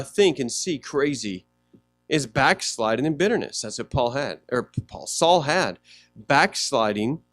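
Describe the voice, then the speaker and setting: A man's voice: mid-range voice, dry recording. A male pastor preaching a sermon in a conversational way, often asking the congregation questions.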